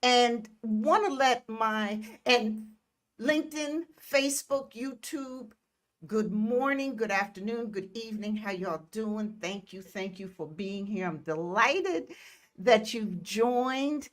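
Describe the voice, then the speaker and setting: An older woman hosts a live stream from Detroit, effusively welcoming viewers by name and sending them kisses. She speaks in an unhurried, drawn-out way with a voice pitched a little high. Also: a bit bright. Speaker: host.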